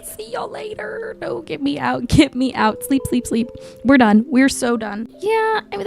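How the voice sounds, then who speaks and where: Casting: a woman with a slightly high voice and an unhurried delivery, doing chatty, excitable gameplay commentary. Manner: chatty, excitable, talks to the game's creatures. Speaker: Minecraft YouTuber.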